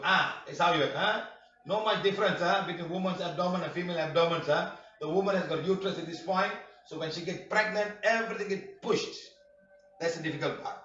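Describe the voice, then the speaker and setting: A man teaching a healing workshop class, speaking emphatically, often shouting and firing rhetorical questions. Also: high voice. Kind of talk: classroom lecture. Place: workshop room. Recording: roomy, distant, dull lo-fi room recording.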